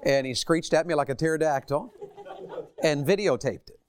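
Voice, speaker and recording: A man's voice: fairly high pitch, moderate pace, clear, resonant tone. A man preaching a sermon, telling folksy stories and asking the congregation rhetorical questions.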